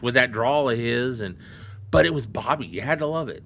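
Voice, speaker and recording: A man hosting a podcast, chatting casually and reflecting warmly on old wrestlers. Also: medium pitch, animated, fairly quick, slight background noise. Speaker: podcast host. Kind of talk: casual chat.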